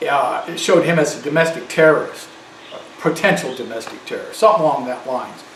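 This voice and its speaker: A man delivering an angry, loud and emphatic political rant as a commentator. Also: mid-range voice, a little fast, reverberant, distant mic, a little hiss or hum, poor audio.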